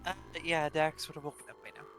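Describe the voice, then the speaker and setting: A young man playing in a tabletop game over a call, quick and wry. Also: a little high, fairly even intonation, over music. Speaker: player. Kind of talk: casual chat in a tabletop game.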